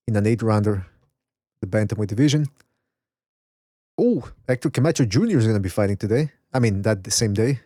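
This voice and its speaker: A man's voice: lowish voice, a little fast, dark tone, no room sound, clean studio sound. A man hosting a casual boxing podcast, rambling, swearing and reading chat messages aloud. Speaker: podcast host. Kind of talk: casual live-stream chat.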